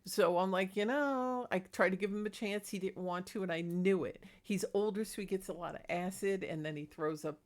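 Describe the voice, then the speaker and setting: A woman's voice: medium pitch, normal speed, hardly any pauses. A woman talking casually in a rambling, chatty vlog about her paranormal experiences, laughing between thoughts. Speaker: paranormal vlogger.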